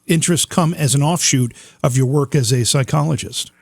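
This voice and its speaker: A man's voice: medium pitch, fairly quick, dry recording, clean studio sound. A man hosting a talk show who says he is losing his voice, talking informally with fillers and restarts. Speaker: host.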